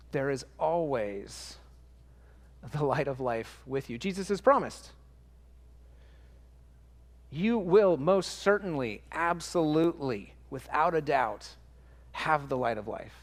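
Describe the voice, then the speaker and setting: A man's voice: fairly high pitch, animated, slow, pauses often, in a large hall. A man preaching a sermon in church, earnest and emphatic, stacking up repetitions and restarting phrases as he works through a thought. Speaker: pastor.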